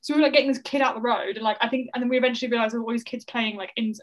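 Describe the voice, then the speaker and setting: A young woman from the south of England, telling a stand-up comedy story over a video call in a rapid, laughing, sweary style. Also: a little high, steady tone, low-quality recording. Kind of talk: casual storytelling chat.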